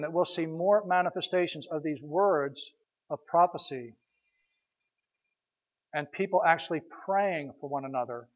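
Male pastor, high voice, conversational sermon with rhetorical questions, dull lo-fi recording. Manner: conversational storytelling, repeats words, rhetorical questions.

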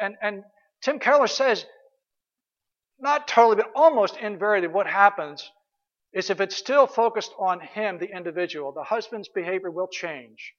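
A man's voice: sits high, animated, moderate pace, a bit bright, long reverb tail, muffled recording. A man pastor giving an earnest, conversational sermon with emphatic repeated phrases.

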